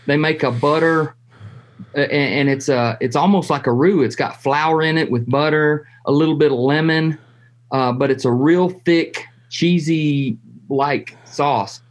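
A man, a hunting show host telling stories in a folksy way, with restarts and drawn-out pauses. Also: fairly high pitch. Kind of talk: casual conversation.

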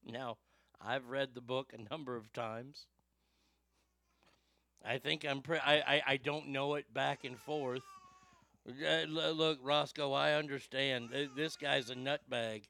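A man's voice: mid-range voice, fairly even intonation, a little slow, gravelly, bright, forceful tone. A Southern man hosting casual commentary in a profane, rambling way, stammering often, close to the mic. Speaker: host.

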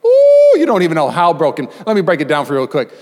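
A young adult male pastor telling a story in a sermon, animated, acting out voices. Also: fairly high pitch, racing. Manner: animated, acts out voices, shouts and laughs in the story. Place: church sanctuary. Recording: long hall reverb.

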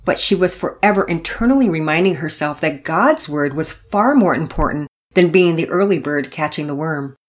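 A woman narrating a storybook in a calm, earnest, gently expressive reading. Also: low voice, normal speed, few pauses.

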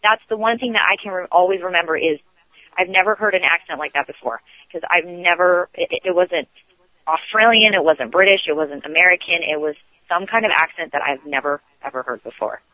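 Over a tinny phone line, a man calling in as a radio show guest rambles through a story with many restarts. His voice is high-pitched and fairly quick, with no room sound.

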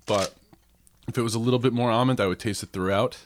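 A man's voice: medium pitch, fairly even intonation, quick pace. A man co-hosting a casual food-tasting podcast who talks through his theories with lots of filler words. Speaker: podcast co-host.

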